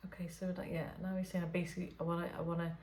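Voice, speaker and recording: This spirit medium speaks softly in an unscripted late-night channelling session, faltering with lots of fillers and restarts. Her pitch is fairly low and her tone level, she races along, and the room sounds spacious.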